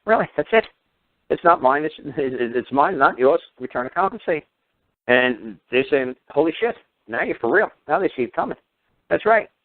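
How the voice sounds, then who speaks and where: A man's voice: on the high side, sing-song, moderate pace, no echo. A man holds forth on a talk radio show, sarcastic and crude. His dry voice comes through narrow and phone-like, with no room sound around it. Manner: combative, mocking, crude. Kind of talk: ranting radio lecture. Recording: tinny phone-line radio audio.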